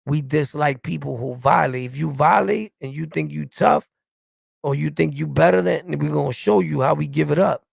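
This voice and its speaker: Reacting to his live chat, a middle-aged man with a New York accent launches into a heated, profane rant, repeatedly demanding "you get it?" He comes from New York City and speaks bluntly and confrontationally. His gravelly voice is fairly high at a moderate pace, recorded with no echo.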